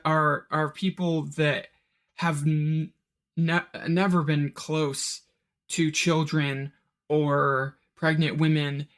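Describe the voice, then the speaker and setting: A man's voice: on the high side, fairly bright tone. Exasperated rambling young man. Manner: exasperated, rambling, many restarts and filler words. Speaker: podcast host reviewing a film. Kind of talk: solo review podcast, ranting.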